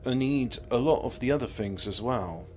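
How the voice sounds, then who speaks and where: A man's voice: mid-range voice, normal speed, a little mellow. A man streaming a game, rambling through sardonic jokes and muttering to himself as he plans his moves. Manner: self-muttering while planning moves. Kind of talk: casual gameplay commentary.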